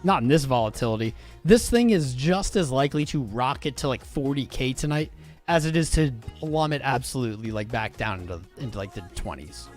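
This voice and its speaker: Young man, livestream host, very lively pitch, casual excitable chat, faint music behind. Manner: animated, swearing, informal and excitable. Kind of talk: casual livestream chat reading viewer comments.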